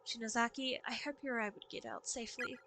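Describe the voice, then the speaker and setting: A woman reading as a soft-spoken dying young teacher. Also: a little high, steady tone, background noise, natural voice. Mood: tender. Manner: soft, slow, hushed reading.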